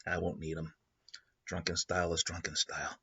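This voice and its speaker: A man's voice: low-pitched, level tone, brisk, vocal fry, bright, forceful tone, breathy edge, lo-fi sound, voice pushed down, exaggerated voice. A man voicing a drunk, dismissive male security guard who grumbles. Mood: boastful.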